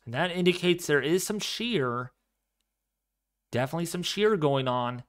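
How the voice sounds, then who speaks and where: A man hosting a live severe weather stream, commenting excitedly on radar and storms and repeating his phrases. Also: on the high side, moderate pace. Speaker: livestream weather host.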